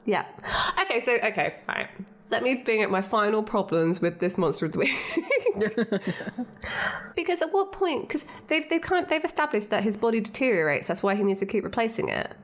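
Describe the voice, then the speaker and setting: A woman co-hosts a podcast in easy, chatty conversation. She talks in a medium-pitched voice with a lively flow and breaks into frequent laughter. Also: normal speed. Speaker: podcast co-host. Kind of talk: casual chat.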